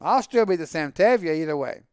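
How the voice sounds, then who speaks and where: A man's voice: fairly high pitch, animated, fairly quick, clear, resonant tone, dry recording, studio quality, natural voice. A man voicing a poor middle-aged milkman who talks in folksy proverbs, in a read-aloud story.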